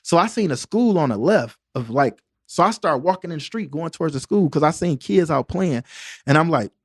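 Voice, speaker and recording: A man's voice: a little high, lively intonation, fairly quick, breathy edge, no room sound, studio quality. A man from Detroit, a door-to-door salesman and podcast guest, telling stories in a jokey, streetwise way with constant "you know what I mean" asides. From Detroit, USA. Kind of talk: animated storytelling in casual conversation. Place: podcast studio.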